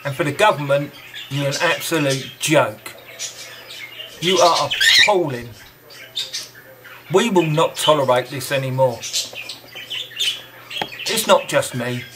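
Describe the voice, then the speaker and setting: A man speaking in a slightly high voice, slow and deliberate, in a confrontational, scornful monologue. Loud background noise runs throughout, with birds chirping behind him. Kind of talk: angry monologue to camera.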